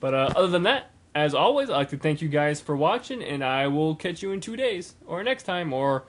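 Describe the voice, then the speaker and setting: A man's voice: fairly high pitch, very animated, fairly quick, a little hiss or hum. A young man talking in a casual, rambling video blog, full of fillers and restarts. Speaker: gaming vlogger.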